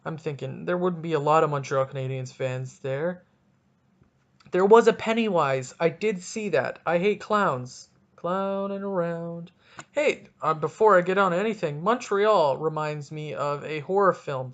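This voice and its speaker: A young man hosting a solo casual podcast, rambling and joking at himself in an animated way. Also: a little high, measured pace. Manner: rambling, jokey, animated, self-deprecating. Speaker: podcast host.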